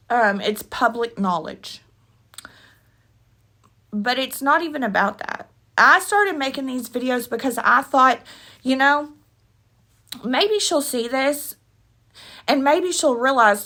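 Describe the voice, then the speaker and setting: A woman's voice: high-pitched, expressive, slow pace, long pauses, pushed and bright. Heated, tearful woman ranting to camera. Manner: heated, blunt, rambling, with slangy asides. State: tearful, with a runny nose. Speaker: commentary vlogger. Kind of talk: emotional opinion rant to camera.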